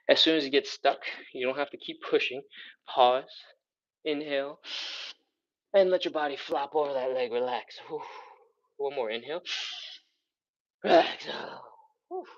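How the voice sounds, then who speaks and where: A man's voice: medium pitch, highs cut off. Upbeat man coaching a stretch class. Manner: upbeat coaching, counting reps aloud, breathing audibly while stretching. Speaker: stretching instructor. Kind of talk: live workout instruction.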